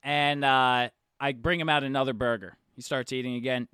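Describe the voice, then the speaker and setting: A man's voice: mid-range voice, moderate pace, clean tone, no room sound, studio quality. A young man on a podcast, casually telling a story and acting out the people in it, with the odd swear. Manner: animated storyteller, acts out quotes, swears casually. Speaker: podcast co-host.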